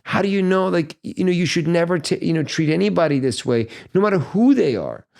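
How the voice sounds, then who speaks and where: A man's voice: on the high side, animated, quick pace, vocal fry, darkish tone. A man hosting a podcast, telling a story in casual chat, earnest and stumbling over repeated words. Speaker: podcast host.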